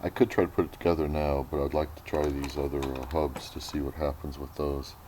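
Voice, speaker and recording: A man talking casually to camera in a vlog, rambling and thinking aloud, often clearing his throat, moving between his workshop and yard. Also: rumbling low, flat delivery, fairly quick, warm tone, slight background noise, poor audio. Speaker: vlogger.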